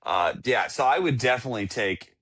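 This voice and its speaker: A man's voice: medium pitch, lively intonation, fairly quick, a bit bright, slightly rough. A man in his thirties, co-hosting a podcast, chatting enthusiastically and rambling. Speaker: podcast co-host. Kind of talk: casual chat.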